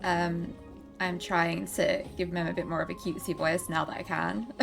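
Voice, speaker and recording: A woman's voice: on the low side, level tone, moderate pace, gravelly, over music. A young woman streaming a game reaction, chatting casually with laughing asides and a slightly sore throat.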